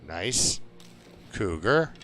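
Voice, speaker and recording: Over music, a man with a low-sitting, very animated voice streams a survival game. He chats and tells stories in a slow, rambling way packed with fillers, keeping the gameplay commentary relaxed.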